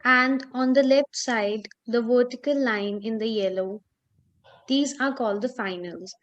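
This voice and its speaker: A woman teaching a Chinese lesson, explaining slowly with pauses and fillers. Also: on the high side, highs cut off. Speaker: Chinese tutor. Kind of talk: online language lesson.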